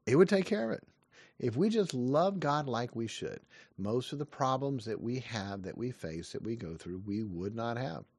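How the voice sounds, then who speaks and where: A man in his fifties preaches earnestly, with rising questions and quick asides. His voice is dry and close, with a middle pitch. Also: animated, darkish tone, breathy edge, dry recording. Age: 50s. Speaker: pastor. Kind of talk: short devotional sermon.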